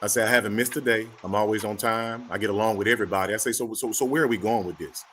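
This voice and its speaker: A man's voice: on the low side, steady tone, fast, fairly bright tone, slight background noise. A man in casual chat, telling a story animatedly and acting out both sides of the dialogue.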